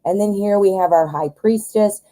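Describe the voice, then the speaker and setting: An American woman hosting a live tarot reading stream, chatty and talking straight to her viewers, her voice going hoarse. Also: medium pitch, normal speed, mellow, low-quality recording. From United States. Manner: chatty, talks directly to viewers. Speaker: tarot reader host.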